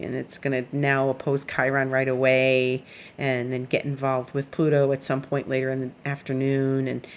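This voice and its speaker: A woman's voice: extremely low pitch, a little hiss or hum. A woman astrologer giving a casual weekly forecast, chatty and meandering, who laughs while telling stories.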